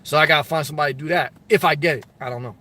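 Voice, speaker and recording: A man's voice: on the high side, racing, bright, forceful tone. A middle-aged man hosting a live stream, reading viewer comments aloud and giving blunt, loose advice in casual chat full of fillers and restarts.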